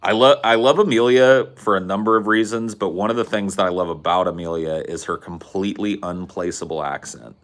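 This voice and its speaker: Man, Californian accent, very low voice, casual podcast talk, profane, rambling. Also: brisk, hardly any pauses. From Central California. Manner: loose, profane, rambling with many "like"s. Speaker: podcast co-host.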